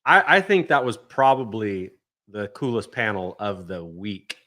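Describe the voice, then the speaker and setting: A man co-hosting a podcast, recapping a convention in an easygoing way, often trailing off softly at the end of a thought. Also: on the low side, big pitch swings, unhurried. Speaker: podcast co-host. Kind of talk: casual chat recap.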